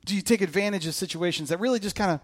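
A man's voice: high-pitched, rapid-fire. A man in his thirties, a pastor, delivering a conversational sermon full of stories and emphatic repetition. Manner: conversational storytelling with rising excitement and emphatic repetition.

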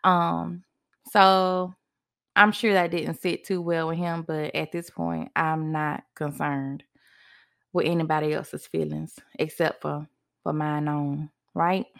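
Woman podcaster telling her own story, animated, voice jumps up high when she quotes herself. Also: takes it slowly, creaky. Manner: animated, acts out her own past words with a higher voice. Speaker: podcast host. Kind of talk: personal storytelling.

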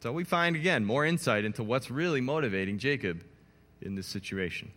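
Lively, bright-voiced man preaching. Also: medium pitch, fairly quick. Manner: animated storytelling, playful asides to the congregation. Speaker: pastor. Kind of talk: sermon. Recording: long hall reverb.

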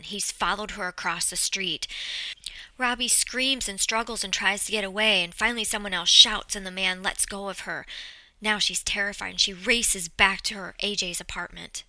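A woman telling a story in a lively, dramatic way, summarizing a book and then reading from it. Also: lowish voice, dry recording, poor audio. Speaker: book presenter.

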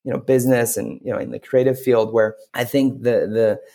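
A man's voice: medium pitch, fairly even intonation, brisk, creaky, warm tone. A man talking as a podcast guest, rambling with lots of fillers. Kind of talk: casual interview talk.

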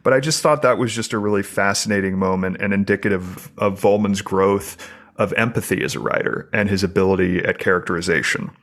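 A man's voice: low-pitched, fairly quick, a bit bright. A man co-hosting a podcast, discussing a novel in an earnest, thoughtful way and often restarting his phrases. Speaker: podcast co-host. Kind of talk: casual literary discussion.

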